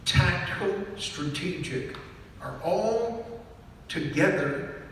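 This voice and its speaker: A man's voice: high voice, animated, takes it slowly, a bit bright, a little hiss or hum. A man giving a live talk to an audience, emphatic and repetitive, often stopping to ask whether listeners understand. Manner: emphatic, repeats key phrases and checks in with "do you understand?". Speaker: business author speaking to an audience. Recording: echoey hall, mic far off.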